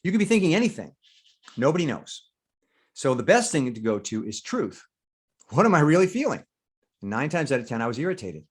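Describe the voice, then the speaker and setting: A man's voice: medium pitch, fairly quick, slightly rough. An older man, a veteran actor, talking candidly in an interview, acting out inner thoughts and swearing freely. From United States. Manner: animated, acts out inner voices, swears freely. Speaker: guest actor.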